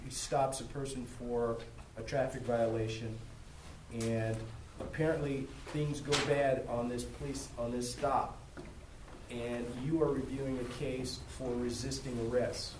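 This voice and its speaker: A man hosting a panel asks slow, measured questions in a middle-range voice. He sits away from the mic in an echoey room, with a faint hiss behind him. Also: medium pitch, flat delivery, darkish tone, recorded from a distance. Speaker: host, moderator.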